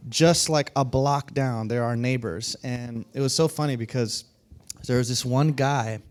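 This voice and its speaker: A man's voice: medium pitch, smooth. A man preaching a Sunday sermon, telling jokey stories with acted-out voices before reading scripture. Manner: animated storytelling, acting out voices. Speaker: pastor.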